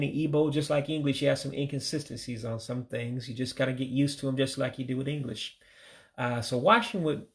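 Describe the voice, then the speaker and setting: A man from the United States teaching household vocabulary in a casual lesson, patiently repeating each word slowly and closing with religious blessings. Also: medium pitch, creaky, fairly bright tone. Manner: religious sign-offs. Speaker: language learner teaching vocabulary.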